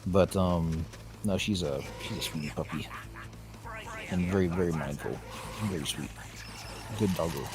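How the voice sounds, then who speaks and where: Deep-voiced blunt man. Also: unhurried, pauses often. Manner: blunt, joking, with stumbling restarts. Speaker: co-host on a game stream. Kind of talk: casual chat. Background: video game music.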